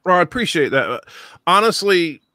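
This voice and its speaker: A man's voice: sits high, sing-song, moderate pace, bright, forceful tone, no echo, clean studio sound. A man hosting a casual group chat, talkative and jokey, often restarting his sentences. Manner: chatty, self-interrupting, jokey. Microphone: studio microphone.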